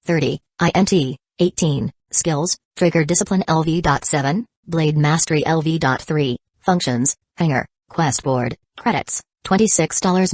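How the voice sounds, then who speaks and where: Narrator, female, low register, dry close sound, steady audiobook read. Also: no echo. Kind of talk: scripted narration.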